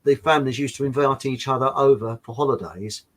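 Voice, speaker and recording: A man's voice: medium pitch, a little fast, a bit bright, poor audio. An English man chatting as a guest, telling rambling anecdotes with frequent restarts. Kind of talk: casual chat.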